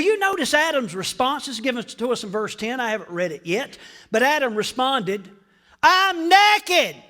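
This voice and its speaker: A man pastor preaching a sermon in a call-and-response style, swinging from hushed tones up to loud peaks. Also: high-pitched.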